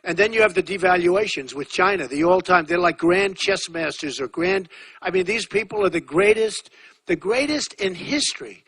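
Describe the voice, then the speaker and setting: A man's voice: high-pitched, expressive, normal speed, fairly bright tone, breathy edge, no room sound. A man in his sixties giving a campaign rally speech, talking in a repetitive, boastful, conversational way with asides to the crowd. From United States. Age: 60s. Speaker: political candidate speaking at a rally.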